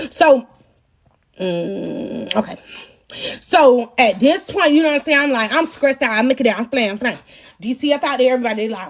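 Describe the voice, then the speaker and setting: A young woman telling her own story to viewers in an animated, dramatic way, often laughing and swinging from loud to hushed. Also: on the high side, fairly quick.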